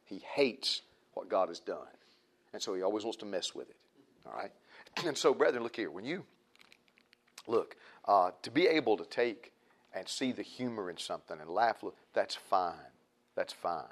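A man's voice: on the low side, lively intonation, moderate pace, pauses often. A man preaching a sermon in a folksy, repetitive way, building emphasis.

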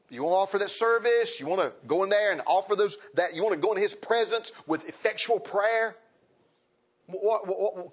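A man preaching with a gravelly, husky voice that rises and falls in a lively sing-song. His folksy sermon drops to hushed asides, then jumps to loud exclaims. The recording is dull and lo-fi. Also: sits high. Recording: dull lo-fi sound.

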